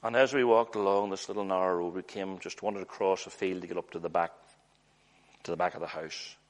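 Male preacher, lowish voice, earnest storyteller with hushed asides. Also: steady tone, brisk. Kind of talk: sermon.

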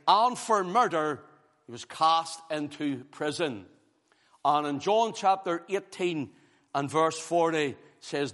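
Preacher guy, kinda high voice, hammering lines over and over, big echoey hall. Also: fairly bright tone. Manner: emphatic, repeating phrases with rising force. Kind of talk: sermon. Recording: long hall reverb.

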